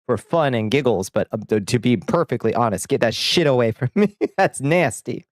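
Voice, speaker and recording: A man's voice: mid-range voice, animated, moderate pace, no echo, studio quality. A man chatting casually on a livestream, reading viewer comments aloud and answering with blunt, profane jokes and frequent laughter. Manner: reads chat aloud and banters, laughing often. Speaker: streamer.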